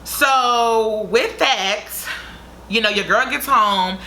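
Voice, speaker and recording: A woman's voice: a little high, slow pace, bright, forceful tone, slight background noise. A young woman vlogger telling a story to her viewers in a chatty, dramatic way. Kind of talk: casual storytime vlog.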